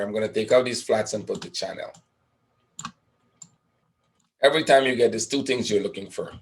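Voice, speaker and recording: A fairly low-pitched man teaches a live trading webinar as a trading educator. He thinks aloud over a chart, asking and answering his own questions with frequent "right?" tags.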